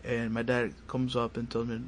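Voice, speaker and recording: A man tells his story in a radio studio, at an ordinary mid pitch. He talks casually and animatedly, putting on the voices of the people in his story. A faint hiss sits under his voice. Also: normal speed. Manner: animated, acts out family dialogue. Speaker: paranormal investigator, studio guest.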